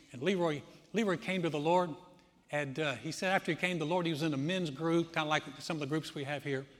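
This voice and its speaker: A pastor preaches with animated storytelling, slipping into the voices of the people in his stories. His voice sits a little high for a man, and a long reverb trails each phrase through the hall. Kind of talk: sermon.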